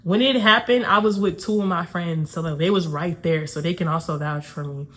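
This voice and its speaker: A young woman from Atlanta telling a casual storytime to her channel, chatty and quick to break into nervous laughter. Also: fairly low pitch, fairly bright tone. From Atlanta, USA. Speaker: YouTuber.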